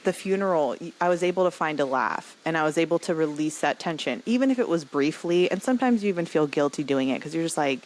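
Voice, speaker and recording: Lower-voiced woman telling a story. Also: quick pace, hardly any pauses, poor audio. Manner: animated storyteller who acts out other people's lines. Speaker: comedian guest. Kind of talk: storytelling in a podcast interview.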